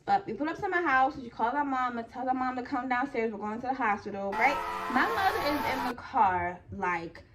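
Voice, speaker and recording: A woman's voice: high voice, lively intonation, a little fast, few pauses, over loud music. A young woman from New Jersey telling a personal story in a casual, chatty way, full of "like" and "okay?". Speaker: vlogger.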